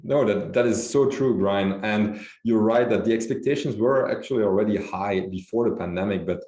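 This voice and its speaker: A man, a company executive, answering interview questions in a measured way with frequent fillers and restarts. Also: lowish voice, dark tone, echoey room. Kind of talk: business interview.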